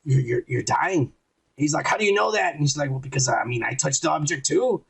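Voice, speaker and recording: A man with a fairly high, husky voice rambles through an episode recap, swearing freely and slipping into the lines he quotes. Casual podcast chat between friends. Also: expressive, a little fast, a bit bright, rough recording. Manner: crude, rambling, acts out quotes. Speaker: podcast co-host.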